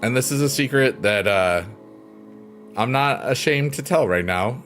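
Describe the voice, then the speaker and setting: A man's voice: medium pitch, lively intonation, measured pace, fairly bright tone, faint music behind. A man hosting a casual livestream, goofy and upbeat, joking and laughing often, talking close to the mic. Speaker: livestream host. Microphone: close mic, leans in.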